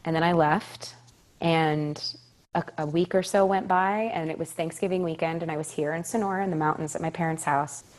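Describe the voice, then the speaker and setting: Animated young woman telling a story. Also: sits low, brisk. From California. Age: 20s. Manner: animated, emphatic, repeats phrases, laughs often. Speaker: Broadway actress, guest. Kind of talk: casual interview storytelling.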